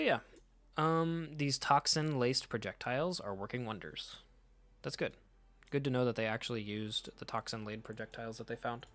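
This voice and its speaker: A man's voice: medium pitch, fairly bright tone. A man casually reading through a comic and reacting, rambling, swearing freely and laughing often. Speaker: comic reader, channel host.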